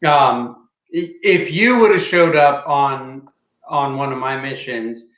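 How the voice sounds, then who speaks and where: A man's voice: medium pitch, slow pace, a bit bright, roomy sound, lo-fi sound. A man, a former Marine hosting a podcast, telling stories bluntly with plenty of swearing. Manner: blunt and profane, dry asides. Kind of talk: casual podcast chat.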